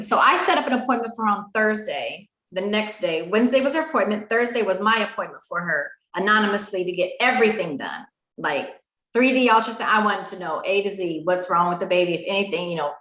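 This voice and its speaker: A woman's voice: medium pitch, brisk. A woman telling an emotional personal story, acting out the dialogue as she goes. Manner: animated, acts out quoted dialogue. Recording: roomy echo.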